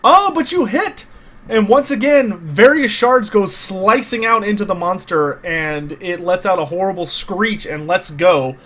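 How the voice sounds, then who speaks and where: A man's voice: high voice, measured pace, hardly any pauses, a bit bright. A man narrating a tabletop game as game master, explaining the rules patiently with many small hesitations.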